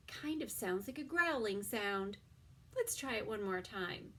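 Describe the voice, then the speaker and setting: Slow, breathy preschool teacher woman. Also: mid-range voice, animated. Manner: slow, drawn-out words, often drops to a soft whisper. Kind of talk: toddler circle-time lesson.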